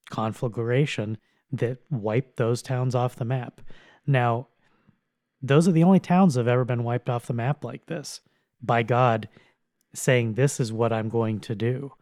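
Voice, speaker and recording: A man's voice: medium pitch, a little mellow, no echo, clean studio sound. A man co-hosting a theological podcast, explaining earnestly with some restarts.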